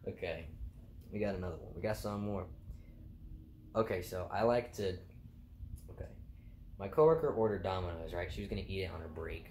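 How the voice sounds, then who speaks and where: A man's voice: sits low, moderate pace, pauses often, darkish tone. A young man casually telling funny stories from his job, often laughing, rambling and swearing. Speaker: vlogger telling work stories. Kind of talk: casual storytelling. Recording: echoey room with faint noise.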